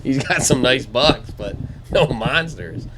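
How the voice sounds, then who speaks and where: A man at an ordinary mid pitch, chatting loosely about hunting as a show host. He tells stories in a laid-back way, over a faint noise floor. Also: expressive, slow pace. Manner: storytelling, mimics high sweet voices talking to deer. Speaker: podcast host. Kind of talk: casual hunting chat.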